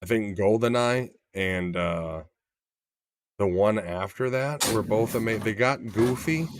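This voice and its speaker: A man co-hosting a casual podcast chat, animated and profane, getting loud for emphasis. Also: fairly low pitch, a little slow, noisy background. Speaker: podcast co-host.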